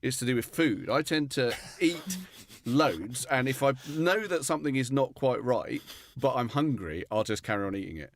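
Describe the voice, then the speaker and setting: A man's voice: mid-range voice, animated, moderate pace, no room sound. A man with a mid-range voice chats frankly about his own mishaps, self-deprecating and easygoing. The recording is dry and close to the mic. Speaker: podcast co-host. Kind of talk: casual comedic chat.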